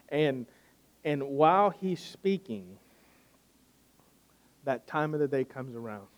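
A man's voice: mid-range voice, animated, takes it slowly, long pauses. A man preaching a sermon, retelling a scripture story in a conversational way and often restarting with repeated words.

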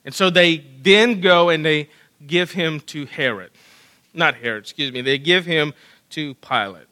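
A man preaching from the pulpit with a high, bright voice and a slow, deliberate pace. He talks earnestly, often restarting and repeating words. He drops into hushed passages and then builds to loud, emphatic stretches. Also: poor audio. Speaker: pastor. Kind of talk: sermon.

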